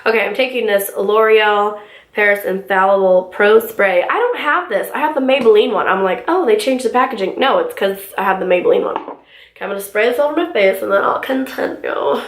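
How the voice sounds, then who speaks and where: A young woman talks her way through her makeup, rambling casually through a story with plenty of fillers. Her voice sits at an ordinary middle pitch. The home room around her adds a noticeable echo. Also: fairly quick. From California, US. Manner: chatty, filler-heavy storytelling. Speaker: beauty vlogger. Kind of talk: casual get-ready-with-me chat. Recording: roomy home recording.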